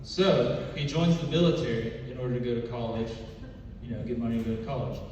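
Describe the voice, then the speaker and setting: Deadpan man doing stand-up. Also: fast talker, heavy reverb, long reverb tail, recorded from a distance, slight background noise, low-quality recording. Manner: deadpan storytelling, drops low and quiet for punchlines. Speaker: stand-up comedian. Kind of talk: stand-up comedy set. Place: comedy club stage.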